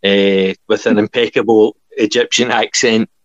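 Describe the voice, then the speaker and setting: A man's voice: fairly low pitch, little pitch movement, moderate pace, no echo. A man, chatting eagerly about films he loves. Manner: enthusiastic, laughs often, says aye. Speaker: podcast co-host. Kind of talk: casual chat. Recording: dull lo-fi dry sound.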